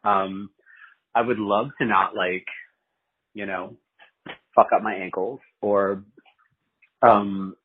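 A man's voice: lowish voice, fairly even intonation, takes it slowly, pauses often, slightly rough. A man leaving a rambling, laid-back voicemail for a podcast. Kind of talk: casual voicemail message. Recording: dull voicemail recording.

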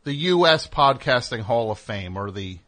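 A man's voice: medium pitch, lively intonation, normal speed, a bit bright. A man hosting a comedic talk show, riffing in a rambling, sarcastic way with plenty of fillers. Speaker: host.

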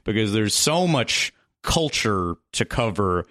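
A man's voice: on the low side, sing-song, slow pace, fairly bright tone, no echo, clean studio sound. A man hosting a podcast in a loose, jokey, laughing chat. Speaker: podcast host. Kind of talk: casual chat.

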